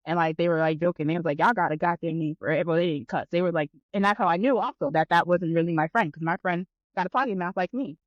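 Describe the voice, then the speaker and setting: A woman guest on a podcast telling a story in casual chat, animated and profane, acting out both sides of the conversation. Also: fairly low pitch, quick pace, few pauses, no echo, highs cut off.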